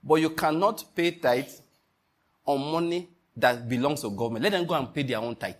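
A pastor preaching an emphatic sermon, often asking the congregation if they follow. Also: male voice, on the high side, normal speed.

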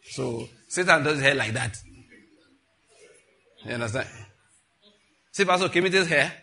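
A man's voice: mid-range voice, expressive, unhurried, gravelly, sharp tone. A man preaching a sermon in a conversational way, with rhetorical questions and laughing asides. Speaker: pastor.

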